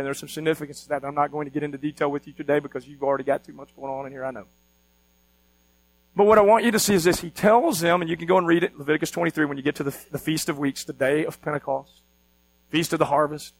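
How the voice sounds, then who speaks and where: A man's voice: fairly high pitch, fairly bright tone, poor audio. A man preaching a sermon as pastor, teaching with energy and often asking the congregation questions.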